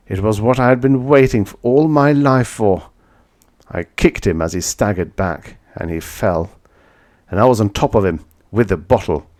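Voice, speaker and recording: Low-voiced man reading a dramatic story. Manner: dramatic, swings from hushed to shouting. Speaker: audiobook reader. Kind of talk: first-person vintage sci-fi narration.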